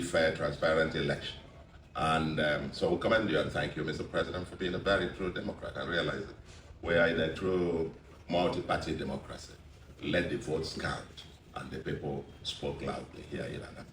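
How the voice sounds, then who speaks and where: A very low-voiced Nigerian man delivers a victory speech as a re-elected governor, measured and emphatic, stacking repeated phrases. He sounds distant from the mic in a roomy, echoing space, with faint noise behind him. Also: a bit bright.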